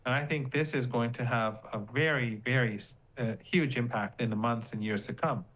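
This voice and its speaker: A man giving a deliberate, somewhat hesitant interview answer with fillers. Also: mid-range voice, a bit bright. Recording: dull lo-fi clip.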